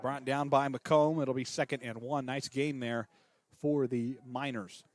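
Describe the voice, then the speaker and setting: Excitable small-town football play-by-play man. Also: a little slow. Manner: excitable, rises in pitch on big plays. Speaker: play-by-play announcer. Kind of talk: high school football play-by-play.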